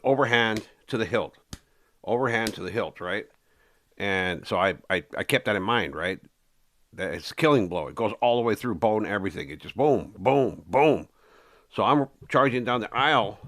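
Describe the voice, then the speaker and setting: A man casually recounting his own story in an interview, rambling with fillers and restarts, animated when telling action. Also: fairly low pitch.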